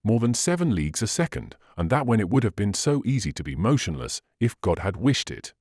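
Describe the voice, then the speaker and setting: A man's voice: fairly low pitch, sing-song, a little fast, a little mellow, no room sound, studio quality. A man reading the part of a sailor who jokes with comic regret. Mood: wry. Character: wry joking male sailor.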